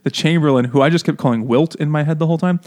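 A man with a fairly high, somewhat dark voice co-hosts a laid-back podcast conversation. He mocks and laughs a lot as he speaks, slipping into quick silly voices whenever he quotes someone.

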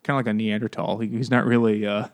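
A man's voice: on the low side, level tone, fast. A man co-hosting a casual book-club podcast, laughing often and acting out quotes in a raised voice. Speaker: podcast co-host.

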